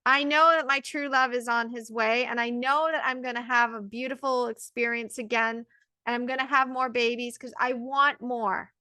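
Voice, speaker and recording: A woman's voice: a little high, fairly even intonation, normal speed, bright, forceful tone, smooth, no room sound. A woman in her thirties, a birth coach, telling her story in an earnest, emphatic monologue full of quoted self-talk. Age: 30s. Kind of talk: personal motivational monologue.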